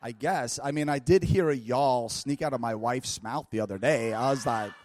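A man preaching a storytelling sermon at a church service, lively, laughing often and breaking into shouts. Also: mid-range voice, moderate pace, dry recording. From United States.

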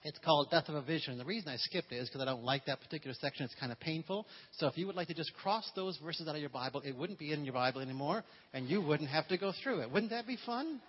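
A man's voice: on the high side, fast talker, few pauses, dull audio. A man preaching a sermon with a humorous manner, calling on his congregation to repeat phrases after him. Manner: humorous, call-and-response with congregation. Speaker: pastor.

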